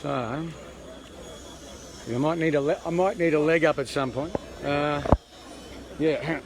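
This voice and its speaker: A man's voice: on the high side, takes it slowly. An Australian man livestreaming from a street, talking casually and rambling to his viewers with jokey asides. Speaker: livestreamer at a protest. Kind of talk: casual live stream chat. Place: outdoors on an urban street. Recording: noisy outdoor street recording.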